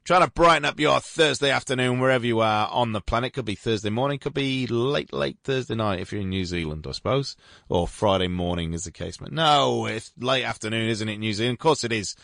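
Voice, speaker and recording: A man's voice: medium pitch, a little fast, gravelly, a bit bright, dry recording. A man hosting a radio music show, chatting casually and rambling in an upbeat way from a radio studio. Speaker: radio host.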